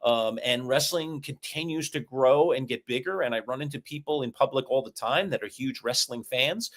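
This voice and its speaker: A middle-aged man co-hosting a sports talk show, chatting and telling stories in an animated way. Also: mid-range voice, moderate pace. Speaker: co-host.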